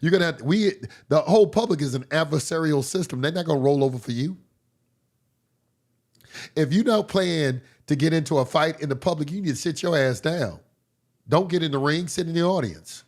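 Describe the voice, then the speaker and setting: A man giving a casual livestream lecture as a course instructor, blunt and profane, his voice hoarse from a cold. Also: fairly high pitch, lively intonation, a little fast, darkish tone.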